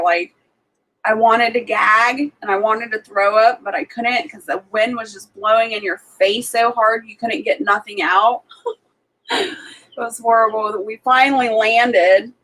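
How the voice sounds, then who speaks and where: A woman chats casually with her live viewers while she cooks, talking easily at a mid pitch. She rambles through stories, full of "like" and "um", and laughs often. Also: sharp tone, low-quality recording. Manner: chatty storyteller, laughs often, filler-heavy. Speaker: live-stream host. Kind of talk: casual live-stream chat while cooking. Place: home kitchen.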